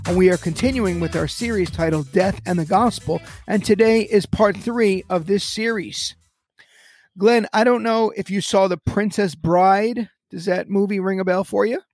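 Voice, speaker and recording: A man's voice: high voice, normal speed, a little mellow, no room sound, soft background music. A man hosting a Christian podcast, talking with an emphatic, preacherly cadence. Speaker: podcast host. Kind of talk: podcast chat on Christian topics.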